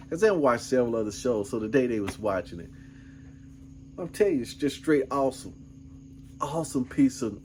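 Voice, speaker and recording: A middle-aged man in a casual vlog, rambling through a story in an easygoing way. His voice sits at an ordinary middle pitch, and faint background noise hums behind him. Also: fairly quick, darkish tone. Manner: laid-back, rambling, peppered with "man" and "you know what I'm saying". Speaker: vlogger.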